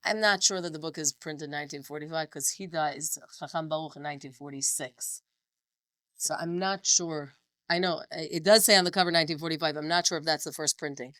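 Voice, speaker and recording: A woman leads a text study class in a crisp, clear voice with a bright, forceful edge. She sits slightly low in pitch and reads passages aloud with feeling before explaining them, in a close, dry sound. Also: a little fast, no echo. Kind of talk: classroom lecture reading and translating a text.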